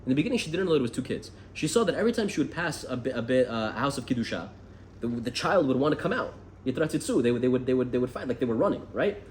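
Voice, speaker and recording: An American man teaching a lively Torah class, asking the room questions as he goes. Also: mid-range voice, racing, slight background noise. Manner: animated, asks the room questions. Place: classroom with a group.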